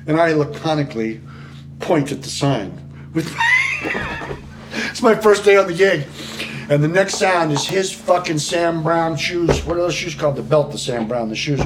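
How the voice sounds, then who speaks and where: This middle-aged U.S. man's voice runs on the high side, with slight background noise behind it. As a podcast guest, he tells prison stories in a lively, foul-mouthed way, mimicking voices in his quotes and laughing frequently.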